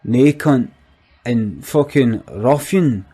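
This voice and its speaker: A man's voice: mid-range voice, takes it slowly, mellow, breathy edge. A man with a Glaswegian accent playing a skint, foul-mouthed young Glasgow man, rambling and swearing constantly in a comic rant. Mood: incredulous ranting. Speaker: comic monologue character.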